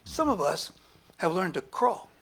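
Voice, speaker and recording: A man preaching a sermon as minister, lively and talking back and forth with the congregation. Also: sits high, unhurried, breathy edge. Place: church service.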